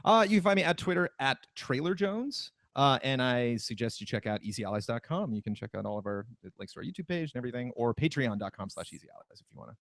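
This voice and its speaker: A man guesting on a film podcast, jokey and quick to laugh in casual chat. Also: medium pitch, sing-song, a bit bright, dry recording, clean studio sound.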